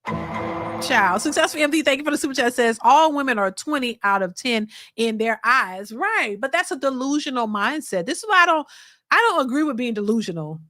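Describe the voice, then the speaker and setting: Speaking in a high, expressive voice with a slightly bright tone, a woman hosts a reaction channel and talks to her live chat at a moderate pace. She is blunt and emphatic, lectures her viewers, and mocks people by quoting them in a put-on voice. The studio-quality recording has no room sound.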